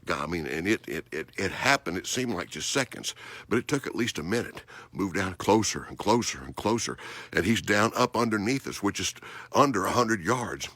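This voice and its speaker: A man hosting a hunting show, telling a story in an animated, emphatic way with frequent restarts. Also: low voice, normal speed, no room sound. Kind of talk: storytelling monologue.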